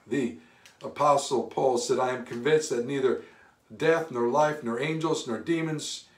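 A man's voice: mid-range voice, steady tone, a little slow, roomy sound, far from the mic. A man preaching a fervent sermon as pastor, calling on his listeners to answer him. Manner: fervent call-and-response preaching. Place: church sanctuary.

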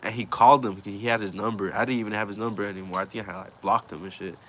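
Low-voiced young man telling a story. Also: fairly even intonation, fast, fairly bright tone. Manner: slangy, profane, rambling retelling. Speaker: vlogger telling a personal story. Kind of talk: casual storytime.

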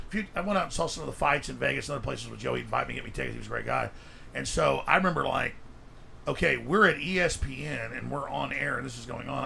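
A middle-aged man with a deeply gravelly, fried voice, talking fast and loud as a guest in a rowdy group chat. His tone is bright and forceful, with a faint ambient hiss behind him.

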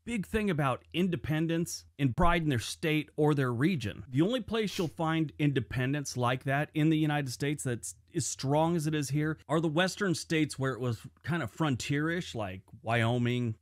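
A man narrating an explainer video in a steady, conversational scripted way with casual asides. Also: medium pitch, normal speed, hardly any pauses, no echo, studio quality.

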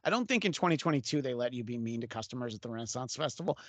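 A man's voice: mid-range voice, animated, racing, fairly bright tone, dry recording. A man hosting a casual podcast interview, talking in a loose, rambling way with many fillers and chuckles. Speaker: podcast host.

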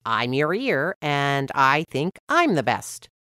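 A polite, gently boastful talking ear from a children's storybook, as a woman reads it. The voice sits low and moves slowly. It is recorded close and dry. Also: big pitch swings, dry recording, exaggerated voice. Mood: proud. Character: talking ear, friendly and proud.

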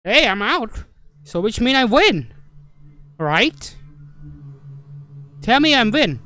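A gamer commenting on a horror game in broken, second-language English, swearing and shouting at the screen. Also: mid-range voice, very animated, slow, pauses often, a little hiss or hum. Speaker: let's play gamer.

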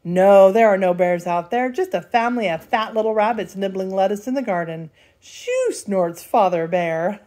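An older woman, a grandmother, reading a bedtime storybook aloud in a lively, playful way. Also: mid-range voice, moderate pace, few pauses. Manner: lively, playful, does character voices.

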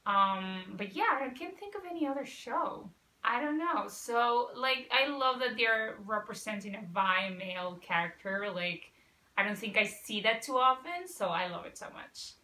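A woman talks with a bright, forceful voice, gushing and emotional as she reacts to a show. The sound is roomy, with a faint hiss of noise behind her. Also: a little high, lively intonation, moderate pace. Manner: gushing and emotional, near tears. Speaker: reaction video host. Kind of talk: casual chat reacting to a TV episode.

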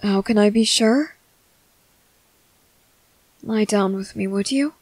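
A woman voicing a tender young man comforting his partner in a whispered role-play, speaking softly, slowly and reassuringly. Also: medium pitch, no room sound, poor audio. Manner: soft, slow, reassuring.

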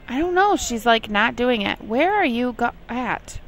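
A woman's voice: fairly high pitch, lively intonation, normal speed, a little hiss or hum, rough recording. A young woman casually commenting on her life-sim game, chatting to herself and scolding her characters in exasperated asides. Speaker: gameplay commentator. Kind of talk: casual let's play commentary.

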